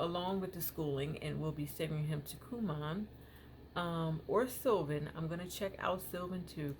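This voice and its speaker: A woman's voice: deep voice, darkish tone, a little hiss or hum. A woman in her thirties, a parent vlogger talking casually to her viewers in a rambling way, full of "you know"s. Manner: rambling, filler-heavy, many "you know"s. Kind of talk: casual chat to camera.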